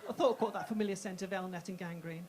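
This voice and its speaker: A woman's voice: lowish voice, very fast. A woman doing a stand-up comedy set on a club stage, brash and punchy with self-mocking asides.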